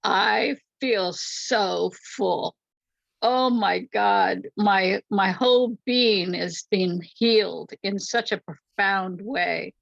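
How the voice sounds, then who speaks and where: An older woman hosts an online gathering, gushing with warm enthusiasm and laughing often. Her voice carries a gravelly fry, and the call audio is dry and dull, like lo-fi sound from a video call. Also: medium pitch, drawn-out words, no room sound. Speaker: host and producer of an online vigil. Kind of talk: heartfelt casual chat.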